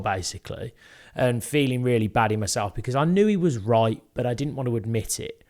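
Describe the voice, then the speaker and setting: A man's voice: medium pitch, animated, brisk, a little mellow. A young British man co-hosting a podcast, telling a personal story in an earnest, candid way. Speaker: podcast co-host. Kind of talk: casual podcast chat.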